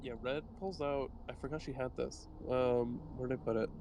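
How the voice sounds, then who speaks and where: A man's voice: mid-range voice, fairly even intonation, moderate pace, background noise. A man playing a tabletop game, talking casually with frequent fillers and laughs. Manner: chatty, laughing, lots of fillers. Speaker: player.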